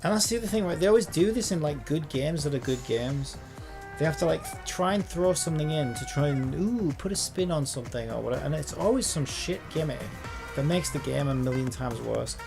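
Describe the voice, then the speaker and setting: A man's voice: fairly high pitch, animated, brisk, gravelly. A man streaming a game live, ranting furiously and swearing about a boss fight. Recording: game music playing behind.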